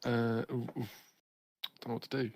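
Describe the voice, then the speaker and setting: A man's voice: medium pitch, flat delivery, moderate pace, darkish tone. A man playing a tabletop game, uncertain and hesitant. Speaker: player. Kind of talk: casual tabletop play.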